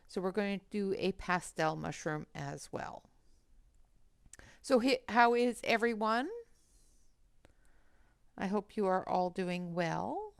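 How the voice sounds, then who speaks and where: A woman hosts a relaxed colouring livestream from her home desk and talks into a headset. She speaks slowly with a gravelly edge, chatting and greeting viewers by name, and the sound is close and dry. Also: mid-range voice, no echo. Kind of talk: casual livestream chat while colouring.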